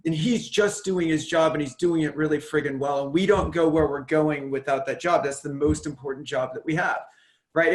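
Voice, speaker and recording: Roomy-sounding man explaining business trust. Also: on the high side. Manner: thoughtful, repeats words while building a point. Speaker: COO and guest. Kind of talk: conversational interview answers.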